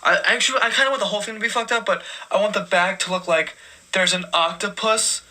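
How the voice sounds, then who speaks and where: A man's voice: high voice, sharp tone. A man putting on a dim young customer who stumbles through asking for a strange haircut. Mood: fumbling. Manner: halting, rambling, hesitant.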